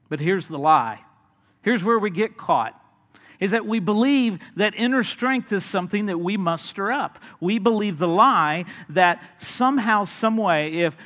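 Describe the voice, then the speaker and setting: A man preaching a sermon in an earnest manner, sometimes turning lively as he retells a story. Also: fairly high pitch, in a large hall. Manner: earnest, builds to animated storytelling with acted voices.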